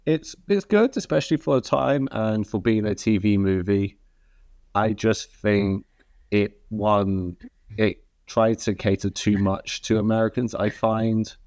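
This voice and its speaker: A man's voice: fairly low pitch, unhurried, a little mellow, dry recording, studio quality. A man co-hosting a podcast in casual chat, talking hesitantly with many likes and restarts. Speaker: podcast co-host.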